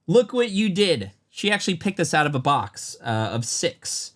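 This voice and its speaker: A man hosting a live card-opening stream, chatting and thanking viewers, bursting into loud excitement over the cards he pulls. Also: fairly high pitch, moderate pace, hardly any pauses. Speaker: host.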